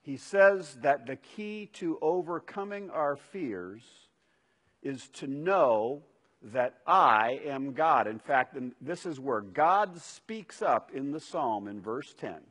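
A man's voice: mid-range voice, lively intonation, slow pace, a bit bright. A man preaching a sermon as pastor, stressing and repeating key phrases. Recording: reverberant hall.

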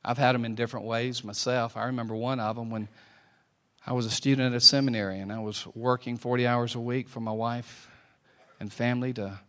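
A middle-aged man preaching a sermon, telling a personal story and swinging from quiet, slow lines to loud ones. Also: medium pitch, little pitch movement. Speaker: pastor.

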